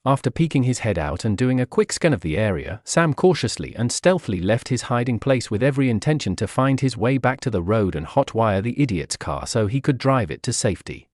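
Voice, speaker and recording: Expressive male audiobook narrator, lively delivery. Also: medium pitch, a little fast, few pauses, no room sound, studio quality. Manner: expressive, voices the characters' shouts. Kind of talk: dramatic fan-fiction audiobook narration.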